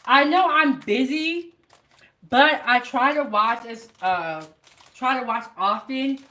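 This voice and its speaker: A woman's voice: sits high, takes it slowly, sharp tone. A woman hosting a live home cooking show, chatting casually to her viewers from her kitchen. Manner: chatty, talks straight to viewers.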